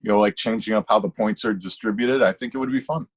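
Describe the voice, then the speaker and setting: A man's voice: lowish voice, quick pace, breathy edge. A man co-hosting a casual fantasy football podcast, rambling and restarting his thoughts as he argues a point. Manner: rambling, self-interrupting, animated. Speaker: podcast co-host.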